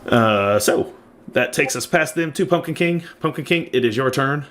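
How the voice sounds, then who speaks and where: A man's voice: mid-range voice, expressive, moderate pace, fairly bright tone. A man running a tabletop role-playing game as game master, narrating and laughing often.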